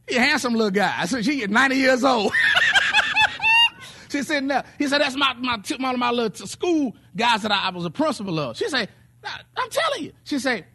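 Preacher guy telling stories in a sermon, high voice, swings all over the place. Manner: animated storytelling, voices quotes, sings some phrases. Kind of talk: sermon testimony.

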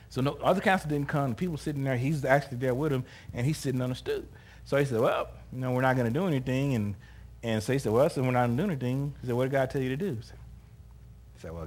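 A man preaching a sermon, telling a story with lively laughter and acted-out quotes. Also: mid-range voice. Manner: animated, laughs often, acts out quoted voices.

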